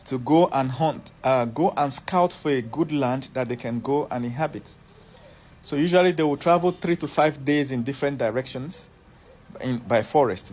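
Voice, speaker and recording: A man's voice: medium pitch, a little mellow. A middle-aged man, explaining a topic step by step and often repeating or rephrasing his phrases for emphasis. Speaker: educator. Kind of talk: explanatory lecture.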